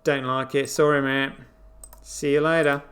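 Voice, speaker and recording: A man's voice: medium pitch, little pitch movement, measured pace, a bit bright. A man hosting a crypto show, giving casual, incredulous running commentary on what he sees on screen, with frequent exclamations. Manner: exclaiming, incredulous, swearing asides.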